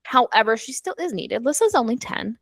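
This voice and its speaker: A woman's voice: on the high side, big pitch swings, a little fast, fairly bright tone, dry recording. A woman co-hosting a book club, animatedly retelling the story and acting out the characters' lines. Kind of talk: casual chat recapping a novel.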